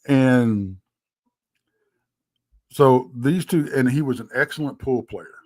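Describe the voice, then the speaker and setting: A man's voice: mid-range voice, slow pace, dry recording. A middle-aged man, co-hosting a live talk show and telling folksy stories with laughs. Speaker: co-host. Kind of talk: casual storytelling chat.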